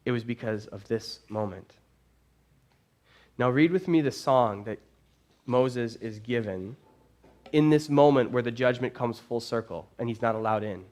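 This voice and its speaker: Preach as a male pastor in a church, telling the story with lively, casual energy, your voice rising and falling as the scene heats up. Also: medium pitch, measured pace, long pauses. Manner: animated storytelling, casual phrasing. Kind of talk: sermon.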